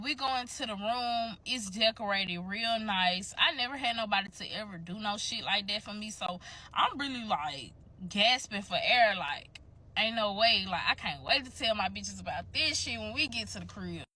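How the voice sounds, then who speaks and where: A woman's voice: mid-range voice, animated, moderate pace, sharp tone. A young woman telling a candid, profane story to her viewers in a casual, chatty way.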